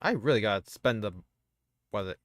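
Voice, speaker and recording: A man streaming a game, chatting casually and reading its narration aloud with lively expression. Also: on the low side, a little fast, no echo, studio quality. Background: faint game music.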